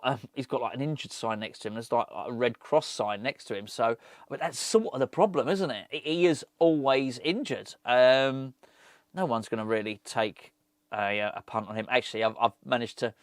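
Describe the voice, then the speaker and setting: A man's voice: mid-range voice, no echo, clean studio sound. A middle-aged man, hosting a fan channel and chatting casually on his own with rambling, jokey asides. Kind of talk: casual solo football chat.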